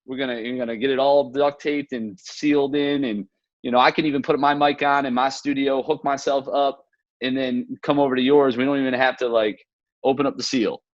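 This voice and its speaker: A man hosting a relaxed conversation, earnest and reflective, slipping into little stories. His voice sits at an ordinary pitch. The sound is dry and a bit dull, like a lo-fi home setup. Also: brisk, dry recording. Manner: earnest, reflective, storytelling with quoted asides. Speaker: podcast host. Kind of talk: casual video-call conversation.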